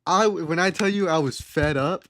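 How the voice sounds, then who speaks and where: A man's voice: on the high side, normal speed, fairly bright tone, slight background noise. A young man streaming live, casually telling a story in a sarcastic, exasperated, slangy way. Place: home streaming setup.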